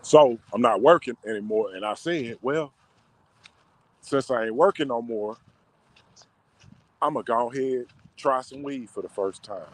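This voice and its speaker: A man's voice: medium pitch, measured pace, pauses often. A man in casual, emotional storytelling, talking in slang with many fillers. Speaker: vlogger. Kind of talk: casual personal storytelling to camera.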